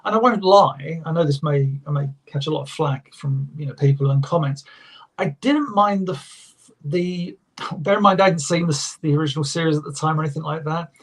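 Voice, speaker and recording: Halting, lively man on a panel chat. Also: fairly high pitch. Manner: halting, restarts often, laughs easily. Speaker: guest.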